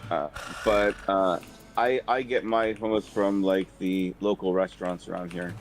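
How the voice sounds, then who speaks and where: Deep voiced guy rambling in a voice chat, kinda hesitant. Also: fairly even intonation, unhurried, slight background noise. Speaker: voice chat participant. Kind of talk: casual group chat. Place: online voice chat.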